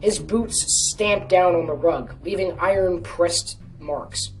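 A woman reading a story aloud in a casual, lowish voice, correcting slips as she goes. She sits some distance from the mic, with faint music under her narration. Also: slow pace, darkish tone. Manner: casual, with small self-corrections. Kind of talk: storytelling reading of a fan fiction.

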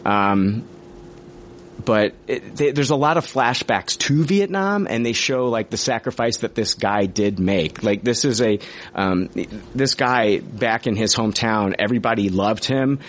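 A man's voice: lowish voice, unhurried. A man hosting a show, chatting casually about a movie, rambling with restarts, swearing freely and laughing at himself. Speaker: podcast host reviewing movies. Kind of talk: casual chat.

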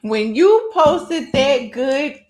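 A woman's voice: sits high, animated, extremely slow, darkish tone. A woman co-hosting a podcast in casual chat, teasing her co-host and calling him friend.

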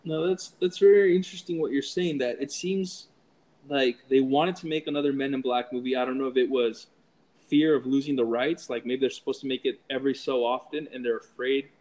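A podcast co-host talks through a movie in an easygoing, casual way, often hesitating and repeating words as he collects his thoughts. His mid-range voice is a little mellow and fairly quick, with fairly even intonation, on a low-quality recording.

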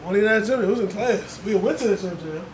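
Casting note: young male podcast host, higher voice, lively storyteller, echoey room with background noise. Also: fast. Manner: animated storyteller, laughs often, mimics others. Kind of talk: casual chat.

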